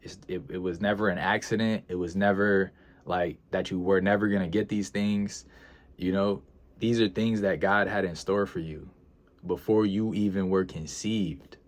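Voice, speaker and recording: Deep-voiced man, earnest and emotional. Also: fairly even intonation, normal speed. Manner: earnest, emotional, repeats himself, sighs and hesitates. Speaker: freelance video editor vlogger. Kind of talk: reflective casual vlog talk.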